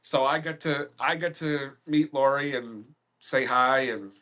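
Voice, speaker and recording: A man's voice: mid-range voice, a little slow, pushed and bright. A man hosting a podcast, telling a story casually with plenty of loose fillers. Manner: loose, full of "like" and "you know" fillers. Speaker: podcast host.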